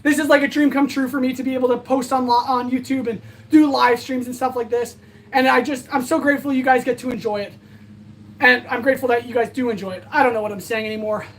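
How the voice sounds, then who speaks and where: A high-pitched woman winds down a casual livestream, rambling and earnest as she thanks her viewers. She sounds tired and a little out of breath, and her bright voice stays light even as it sags with exhaustion. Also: quick pace, slight background noise. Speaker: livestream host. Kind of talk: casual livestream sign-off chat.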